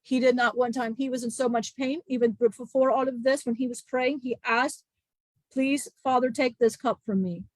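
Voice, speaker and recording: Woman channeling old disciple spirit guy, earnest and grieving, stops and restarts a lot, kinda high, dry sound. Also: steady tone, no room sound, natural voice. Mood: solemn. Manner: halting, emotional storytelling with many restarts.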